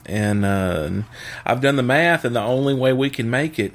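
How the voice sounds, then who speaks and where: A man's voice: on the low side, unhurried. Guy telling a dirty joke, laughs a lot, voice bouncing all over. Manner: laughs at his own jokes, animated storytelling.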